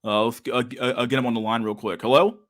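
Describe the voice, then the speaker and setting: A man's voice: medium pitch, level tone, racing, a bit bright. Guy ranting on his podcast, swears nonstop, says dude a lot, laughs a lot. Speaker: podcast host. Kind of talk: casual ranting chat.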